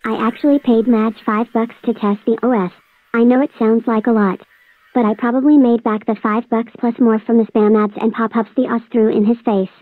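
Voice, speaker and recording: A woman's voice: a little high, little pitch movement, fairly quick, no echo, lightly acted. A synthetic female text-to-speech voice playing a gloating villain who spreads a spammy operating system, taunting and threatening. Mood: smug. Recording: dry tinny phone-like audio.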